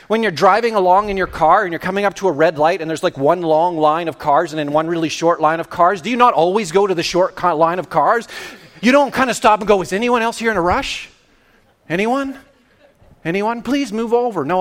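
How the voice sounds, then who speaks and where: A man preaching a sermon in an animated, playful way, acting out little scenes and quotes. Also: high-pitched.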